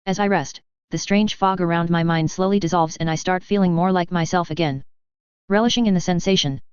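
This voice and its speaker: Very clear, low-voiced woman narrating. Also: darkish tone, no room sound. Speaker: audiobook narrator. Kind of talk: scripted first-person narration. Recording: slightly dull lo-fi audio.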